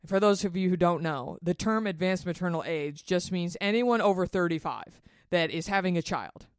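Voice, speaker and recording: A woman hosting a solo podcast, talking candidly and animatedly, swearing freely and jumping up high in pitch when she gets worked up. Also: normal speed, clear, resonant tone, dry recording, clean studio sound. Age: 30s. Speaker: podcast host. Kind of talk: casual solo podcast monologue.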